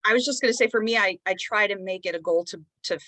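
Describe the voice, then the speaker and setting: A woman's voice: medium pitch, fast, sharp tone, no room sound, rough recording. A woman on a panel discussion, upbeat and enthusiastic, speaking over a video call. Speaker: panelist, mystery writer.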